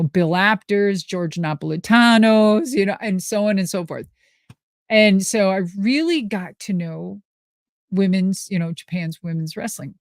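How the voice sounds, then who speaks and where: A woman from Minnesota telling stories in casual talk, lively and profane, laughing often as she answers live questions. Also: on the low side, dry recording, clean studio sound. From Minnesota, USA. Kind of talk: casual storytelling.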